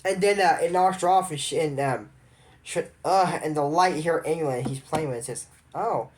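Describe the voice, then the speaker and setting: A woman's voice: low voice, moderate pace, husky. A woman giving a rambling, judgmental recap of a cartoon episode in casual commentary, with frequent restarts.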